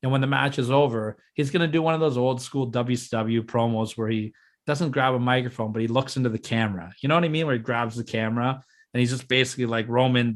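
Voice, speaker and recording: A man co-hosting a casual podcast chat, excitedly walking through his plans step by step and teasing his co-host. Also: mid-range voice. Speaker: podcast co-host booking a fantasy wrestling show.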